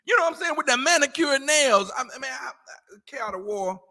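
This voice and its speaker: A man talking casually in a scripture class, animated and mocking, acting out the voices he quotes. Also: very high voice, fast talker, in a large hall. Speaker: class teacher.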